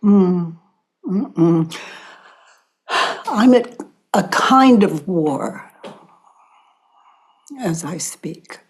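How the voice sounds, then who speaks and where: An older woman hosting a podcast, speaking softly and reflectively, often sinking into whispers between long pauses. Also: on the low side, lively intonation, slightly rough. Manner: soft-spoken, drifting into whispers, long pauses. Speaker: podcast host. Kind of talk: slow reflective spiritual talk.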